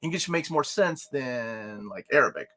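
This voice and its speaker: Lively, animated male show host. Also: mid-range voice, normal speed. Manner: joking, animated, playful. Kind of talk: casual live-stream chat.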